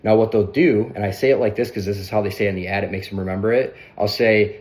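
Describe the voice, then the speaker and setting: A man coaching others through a sales pitch in a brisk, conversational way, often tagging on "right?". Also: steady tone, darkish tone. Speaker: sales trainer.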